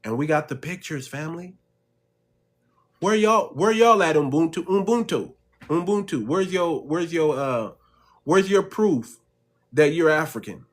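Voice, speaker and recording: A man with a fairly high-pitched voice speaks emphatically on a livestream, calling his viewers family. He repeats his key lines again and again like a sermon and drives each point home. His delivery is forceful and insistent, with the pace of off-the-cuff commentary. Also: expressive, a little slow. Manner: emphatic and repetitive, preaching to the audience; addresses listeners as family. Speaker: channel host.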